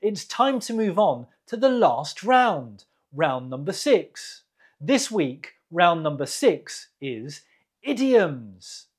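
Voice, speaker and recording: Husky, very slow English quiz host. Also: medium pitch. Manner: repeats each word clearly, pauses for the listener. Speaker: English teacher hosting a quiz. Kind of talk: slow, careful quiz delivery for learners.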